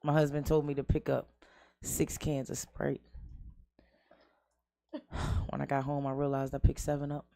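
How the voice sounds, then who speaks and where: A woman hosting an internet radio show, telling dark jokes deadpan in casual chat. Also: rumbling low, a little slow, vocal fry, pauses often. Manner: deadpan joke delivery, laughs at own jokes. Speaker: host.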